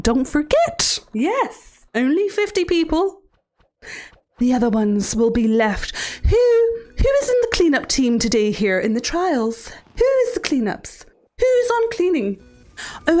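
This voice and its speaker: A woman streaming live in character as a teasing female villain therapist, talking in a mock-sweet, menacing, drawn-out way to her chat. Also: high-pitched, a little mellow. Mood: mock-sweet menace. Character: creepy, teasing female villain therapist hosting cruel trials.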